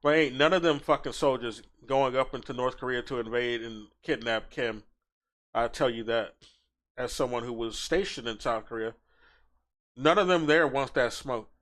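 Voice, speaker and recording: A man's voice: medium pitch, normal speed, fairly bright tone. A young man ranting with crude, mocking commentary while reacting to a video on a stream. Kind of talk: casual profane commentary.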